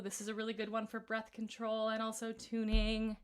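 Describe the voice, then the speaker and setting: A woman vocal coach leading a live-streamed singing warm-up, explaining exercises in a relaxed, chatty way between scales. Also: fairly high pitch, brisk, hardly any pauses, clear, resonant tone, faint music behind.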